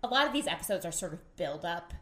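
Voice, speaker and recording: A woman's voice: lowish voice, very animated, fast, crowd noise. Chatty woman co-host jumping in. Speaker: podcast co-host. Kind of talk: casual chat.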